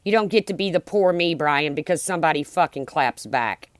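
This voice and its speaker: A woman's voice: sits low, expressive, fairly quick, no echo. A middle-aged woman ranting bluntly and heatedly on her livestream, swearing as she talks to her viewers. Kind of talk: angry livestream rant.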